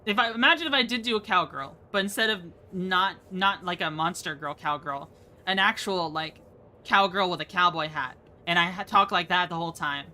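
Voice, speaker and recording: A woman's voice: fairly low pitch, moderate pace, sharp tone. A young woman streaming a game, chatting casually and rambling from topic to topic, laughing often. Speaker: VTuber streamer. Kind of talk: casual live-stream chat.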